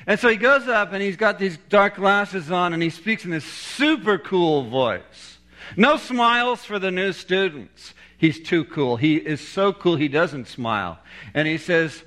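A man's voice: fairly high pitch, expressive, measured pace, fairly bright tone. A middle-aged man preaching a sermon, telling a story with humor and laughing at his own jokes.

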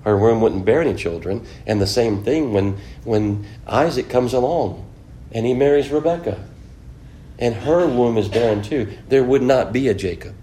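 Guy teaching a bible class, mellow dark voice, laid back and chatty, faint rumble behind. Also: lively intonation, normal speed. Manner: conversational, asks the class questions, many "you know" fillers. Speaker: preacher.

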